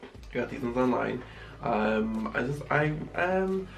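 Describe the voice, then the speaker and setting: A man's voice: mid-range voice, expressive, slow pace, gravelly, faint music behind, low-quality recording. A young man, chatting casually through a fashion haul vlog, rambling with lots of fillers. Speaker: fashion vlogger.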